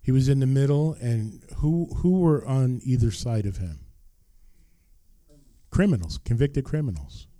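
An older man delivers a sermon as pastor, with slow, deliberate phrasing and frequent repetition for emphasis. His voice is very dark and mellow, at a middling pitch. The sound is close and dry. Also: expressive, no room sound. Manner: earnest, emphatic preaching with repeated phrases.

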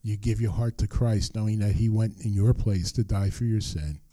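A man's voice: lowish voice, moderate pace, dark tone, no room sound. An older man preaching a sermon as pastor, earnest and emphatic, repeating his key phrases.

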